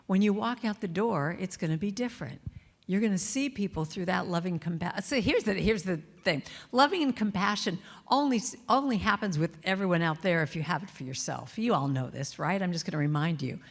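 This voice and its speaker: A woman's voice: on the low side, expressive, a little fast. A middle-aged woman giving a playful, chatty spiritual talk to a congregation, acting out little quotes as she goes. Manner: warm, chatty, playful, acts out quotes and sings snippets. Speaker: inspirational speaker and singer. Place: large church hall. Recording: long reverb of a large hall.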